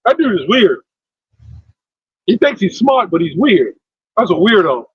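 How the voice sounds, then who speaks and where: High-voiced man telling profane stories. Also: unhurried, slightly rough, no room sound, narrow, tinny audio. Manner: animated, profane storytelling. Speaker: discussion leader. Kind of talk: casual religious discussion.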